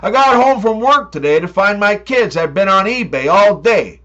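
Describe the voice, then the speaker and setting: Lively high-voiced man telling jokes. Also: normal speed, muffled recording. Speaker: comedy joke teller. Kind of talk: scripted joke monologue.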